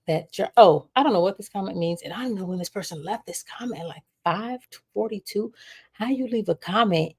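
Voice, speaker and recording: A woman's voice: on the low side, vocal fry, darkish tone. A young woman hosting a livestream, chatting casually with viewers and reading their comments aloud. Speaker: livestream host.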